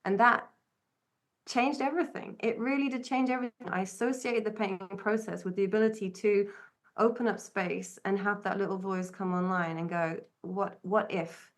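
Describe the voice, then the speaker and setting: A woman co-hosting a podcast, recalling a personal story in an earnest, reflective way. Her voice sits at an ordinary middle pitch. She often stops and restarts her sentences as she works through her thoughts. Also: steady tone, normal speed. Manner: earnest, searching, with frequent restarts. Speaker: podcast co-host.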